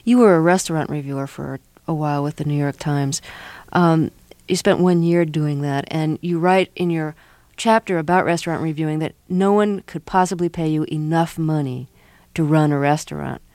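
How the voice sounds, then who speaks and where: A woman's voice: low-pitched, normal speed, darkish tone, dry recording. A woman hosting a radio interview, asking friendly, curious questions. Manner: friendly, curious, laughs easily.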